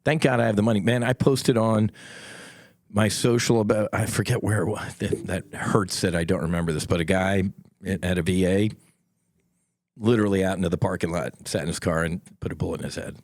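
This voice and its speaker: A man's voice: low voice, steady tone, brisk, a little mellow, no echo, studio quality. A middle-aged man hosting a solo podcast, talking in a blunt, impassioned way and swearing freely. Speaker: podcast host.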